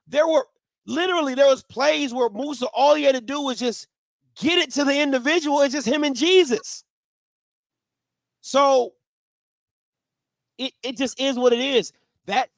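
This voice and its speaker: A man's voice: extremely high pitch, normal speed, vocal fry, dry recording. A man hosting a sports talk show, debating football in an emphatic style and repeating his points.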